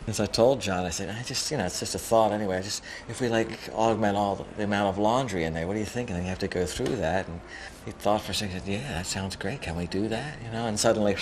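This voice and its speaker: Low-ish male cinematographer, chatty interview storyteller. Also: fast talker, a little hiss or hum. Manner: chatty, loose storytelling with fillers. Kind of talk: documentary interview.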